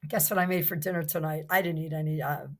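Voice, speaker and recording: A woman's voice: low-pitched, steady tone, fast talker. An older woman from New Jersey, a podcast guest chatting casually, enthusiastic and rambling, full of restarts. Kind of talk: casual chat.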